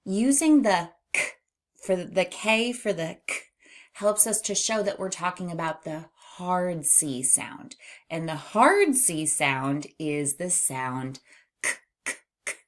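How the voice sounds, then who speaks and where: Female phonics teacher, slightly low voice, unhurried, patient and encouraging with young readers. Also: expressive. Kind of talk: children's phonics lesson.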